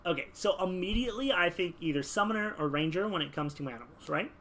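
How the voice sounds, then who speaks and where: A man's voice: sits high, fast talker, a little hiss or hum. A man chatting casually while building a game character, rambling with lots of fillers. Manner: rambling, filler-heavy, animated. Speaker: gaming video creator.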